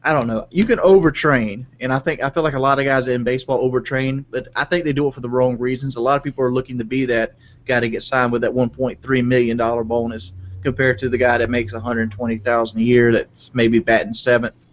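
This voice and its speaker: A man's voice: mid-range voice, flat delivery, quick pace. A man hosting a casual talk show, blunt and profane, pressing callers with questions. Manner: blunt, swears, probing questions. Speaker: show host. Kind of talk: casual chat. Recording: muffled lo-fi audio.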